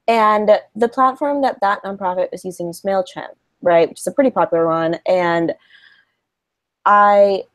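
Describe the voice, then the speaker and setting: A woman's voice: medium pitch, no room sound. A young woman talking casually as a guest, explaining with many ums and "right?" checks. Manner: chatty, thinks aloud with many ums and "right?". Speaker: guest, email marketer. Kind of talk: casual chat.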